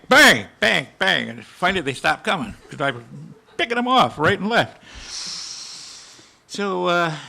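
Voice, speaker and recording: Man in his 80s, veteran panelist, gravelly edge, storytelling with spoken gunfire. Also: mid-range voice, sharp tone. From United States. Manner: vivid, with spoken gunshot sounds. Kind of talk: storytelling to a live audience. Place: conference hall panel.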